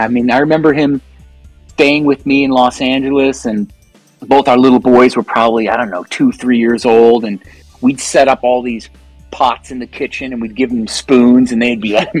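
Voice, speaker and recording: A man with a husky, slightly breathy voice talks as a podcast guest, spinning chatty, animated stories with the odd curse word. The sound is dry and close, with faint music underneath. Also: medium pitch, no room sound, rough recording. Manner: animated, chatty storyteller, loose and profane. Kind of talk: casual interview chat.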